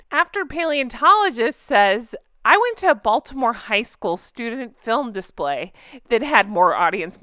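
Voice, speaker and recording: Woman host, chatty and sarcastic, clear smooth voice, dry close sound. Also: a little high, sharp tone, no echo. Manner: chatty and sarcastic, laughs often. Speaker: channel host reacting to online comments. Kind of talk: casual chat, reading and reacting to comments.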